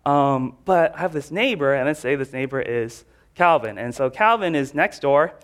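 A man's voice: on the high side, expressive, normal speed, a bit bright. A man preaching a casual sermon, telling stories in a chatty way with lots of filler words.

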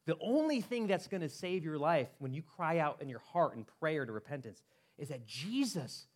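A man preaching a sermon as pastor, animated and conversational, acting out quoted voices with frequent restarts. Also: fairly high pitch, moderate pace.

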